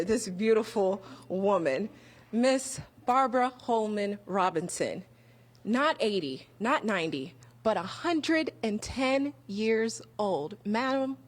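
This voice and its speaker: A woman reporting live for a morning show, bubbly and excitable, laughing often as she interviews. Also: on the high side.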